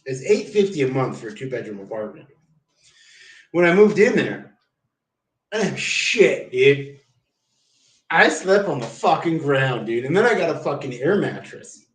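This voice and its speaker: A man's voice: mid-range voice, very animated, moderate pace, long pauses. A man livestreaming, telling rambling stories in a casual, profane, slangy way and saying "dude" a lot. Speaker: live streamer. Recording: roomy, distant mic.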